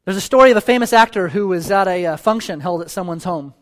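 A man's voice: high voice, quick pace, a bit bright. A man preaching a sermon as a church elder, earnest and pleading, repeating phrases for emphasis and closing in prayer. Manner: ends in a spoken prayer.

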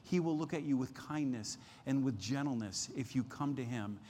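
A man preaching a midweek sermon, reading scripture aloud and slowing down earnestly to stress key words. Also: mid-range voice, mellow, in a large hall, a little hiss or hum. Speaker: pastor.

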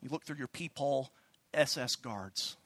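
A man's voice: mid-range voice, moderate pace, fairly bright tone, dry recording. A man preaching a sermon, telling the story with animation and acting out the voices he quotes. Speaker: pastor.

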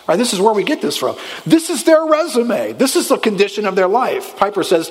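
A man preaching a sermon as pastor, emphatic, pushing stressed words up high and then dropping low. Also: big pitch swings, fairly quick, few pauses, in a large hall. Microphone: handheld or headset microphone.

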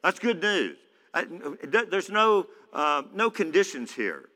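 A man's voice: sits high, very animated, slow, pushed and bright. A man preaching a sermon in a church, conversational, with many fillers. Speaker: pastor. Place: church hall. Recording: echoey church hall.

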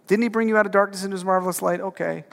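A pastor speaks very fast in a high, steady, creaky voice, preaching conversationally to his congregation. He leans on filler words and emphatic rhetorical questions. The church sanctuary adds long hall reverb.

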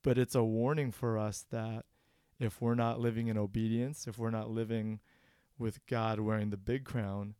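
Man, smooth clear voice, dry close sound, earnest, reflective sermon discussion. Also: lowish voice, little pitch movement, moderate pace, mellow, dry recording. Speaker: church podcast panelist.

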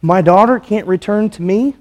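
A man preaching a sermon as pastor, in a measured way with rhetorical questions to the congregation. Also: sits high.

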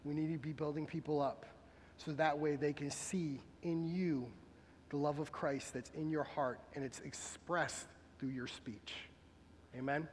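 A man's voice: on the high side, steady tone, a little slow, long reverb tail, soft background music. A man preaching a sermon as pastor, earnest and exhorting, repeating questions for emphasis. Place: church sanctuary.

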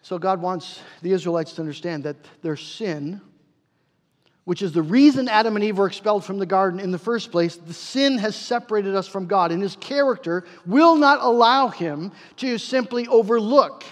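High-voiced man preaching in a hall. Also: normal speed. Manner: earnest, emphatic preaching with repeated words. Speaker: pastor. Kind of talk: sermon.

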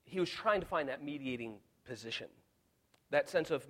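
A man's voice: a little high, animated, moderate pace, fairly bright tone. A man preaching an expository sermon in an earnest, emphatic way, often repeating words as he restarts. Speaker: pastor.

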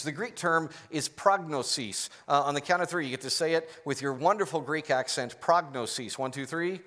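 A man's voice: fairly high pitch, a bit bright. A male pastor preaching a sermon in a conversational, explanatory way, asking the congregation to answer aloud.

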